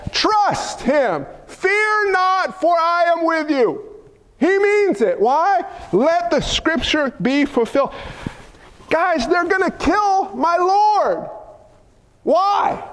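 With an extremely high pitch, this man delivers a sermon as pastor, full of fire and animation. He calls on the congregation to respond, dropping folksy remarks and loud exclamations along the way.

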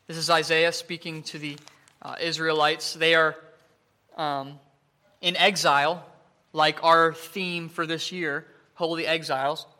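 A man preaching a sermon, earnest, with frequent fillers and restarts, slowing down and lifting his voice to stress the scripture he reads. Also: on the high side, flat delivery, bright, forceful tone.

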